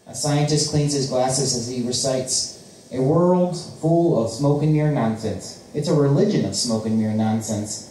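A man's voice: medium pitch, dark tone, slight background noise. A man performing his spoken-word poetry at an open mic, with a rhythmic, declamatory delivery. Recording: very echoey room, voice from a distance.

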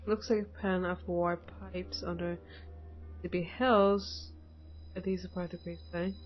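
A woman talks slowly and casually through a mystery game, murmuring her thoughts as she goes. Her voice sits a little low and sounds slightly muffled. Game music plays faintly behind her. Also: little pitch movement. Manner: unhurried, chatty, muttering to herself. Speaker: game player. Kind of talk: casual let's-play commentary.

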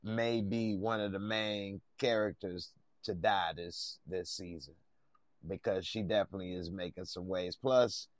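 A man hosting a live stream reacts to a TV episode and chats casually with his viewers. He greets people by name, laughs often and talks in an unhurried, slow way. The sound is dry and close. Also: deep voice, fairly even intonation, no room sound.

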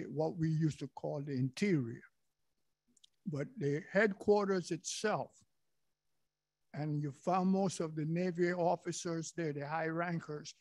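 A former serviceman speaks up from the audience in an unhurried storytelling manner. His voice sits a touch high. The sound is dry, with no room echo. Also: a little mellow. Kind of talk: recollection at a public session. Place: event room.

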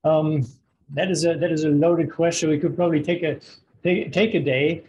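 A man's voice: on the high side, steady tone, moderate pace, darkish tone, highs cut off, a little hiss or hum. A man working as a relationship coach, talking earnestly in a podcast interview and often repeating words as he searches for them. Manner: earnest, repeats words while searching, acts out quoted dialogue.

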